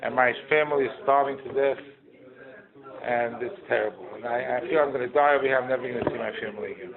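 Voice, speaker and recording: A man's voice: mid-range voice, voice pushed down, close to an everyday voice. A man doing a weeping jailed man pleading. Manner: rushed, pleading. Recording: tinny lo-fi recording with crowd.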